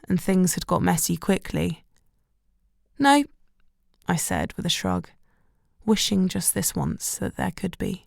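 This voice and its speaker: A woman narrating a romantic comedy audiobook in the first person, wry and measured. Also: fairly low pitch, vocal fry, darkish tone, no room sound, clean studio sound.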